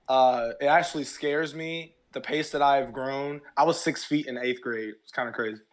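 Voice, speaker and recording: A young man hosting a casual podcast, reading listener questions aloud in an animated, laughing way. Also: medium pitch, normal speed. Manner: animated, laughing, mimics yelling. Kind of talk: casual chat.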